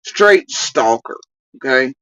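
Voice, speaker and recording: A woman venting on a livestream in a forceful, sharp tone, heavy with swearing. Her pitch swings widely as she rants, and the sound is dry and close. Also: expressive, takes it slowly, no echo, far from the mic, highs cut off. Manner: profane, heated ranting. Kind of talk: livestream rant.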